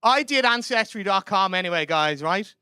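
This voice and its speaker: A man's voice: sits high, lively intonation, normal speed, bright, forceful tone, clean tone. A young Irish man doing a chatty, self-mocking stand-up comedy set in a club. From Ireland.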